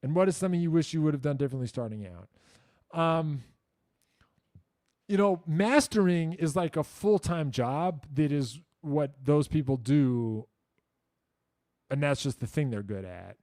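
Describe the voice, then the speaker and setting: A man answers viewer questions on a casual livestream and wanders through his points with plenty of likes and you-knows. His voice sits a little high but sounds mellow and relaxed. He is blunt, swears in passing, pokes fun at himself, and the sound is dry and close. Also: measured pace, pauses often, dry recording. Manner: rambling, self-deprecating, lots of likes and you-knows; blunt, profane asides.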